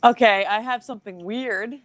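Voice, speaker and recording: A woman comedian chatting as a podcast guest, giggly and rambling, telling stories in an animated way. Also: a little high, normal speed. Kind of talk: casual podcast chat.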